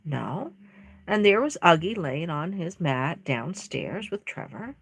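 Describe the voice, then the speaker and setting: A woman chatting casually while she paints a doll on a live stream, telling rambling stories in an expressive way. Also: fairly low pitch, unhurried, breathy edge, no echo.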